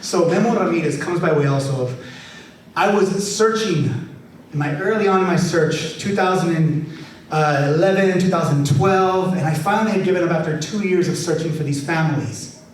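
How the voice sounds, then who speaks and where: A man, an author, telling a lively story to a live audience, chatty and animated, leading the crowd in call-and-response. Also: a little high, normal speed. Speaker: author giving a reading. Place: event hall with an audience. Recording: very echoey hall, far from mic, faint hiss.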